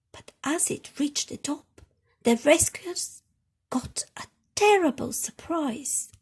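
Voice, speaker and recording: A woman reading a children's picture book aloud in an expressive storytime manner. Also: on the high side, creaky, husky.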